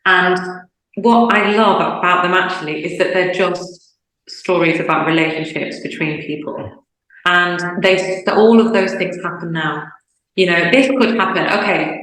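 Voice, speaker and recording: Speaking at a moderate pace in a lowish voice, the young woman, an opera singer, keeps the interview chatty and animated. She plays out short lines of dialogue, and her words echo around the room.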